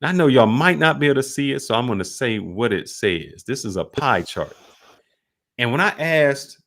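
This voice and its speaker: A man hosting a podcast in casual chat, telling stories with animated, lively delivery. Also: moderate pace. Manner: animated storyteller, jumps high when quoting others. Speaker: podcast host.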